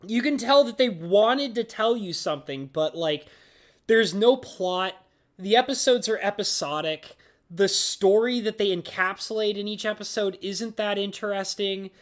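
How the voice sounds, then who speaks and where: A man hosting a casual live stream, rambling with lots of filler words and frequent laughter. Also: high voice. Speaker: streamer host.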